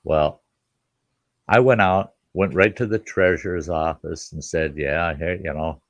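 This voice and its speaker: Older male chat host, deep and gravelly, folksy and blunt, swears casually. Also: a little slow, no room sound.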